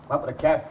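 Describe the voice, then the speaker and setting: A man playing a drawling cocky spiv. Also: close to an everyday voice. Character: wily, cocky London spiv lodger. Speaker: sitcom actor. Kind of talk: 1960s television sitcom acting. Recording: tinny, very hissy old TV soundtrack.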